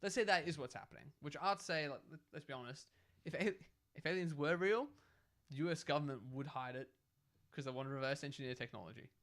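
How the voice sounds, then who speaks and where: A young man, co-hosting a casual podcast chat and arguing his theory in an animated way. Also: a little high, fast talker. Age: young adult. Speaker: podcast co-host.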